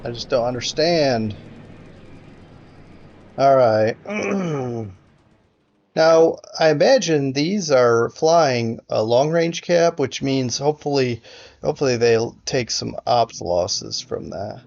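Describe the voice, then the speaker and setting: Slow, gravelly man commentating a game. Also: mid-range voice, expressive, darkish tone, dull audio. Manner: hesitant, frustrated, many fillers and restarts. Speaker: gameplay commentator.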